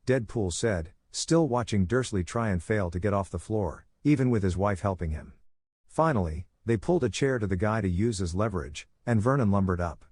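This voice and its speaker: A man narrating a fan fiction story in a steady, even reading. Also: fairly low pitch, normal speed, dry recording, studio quality.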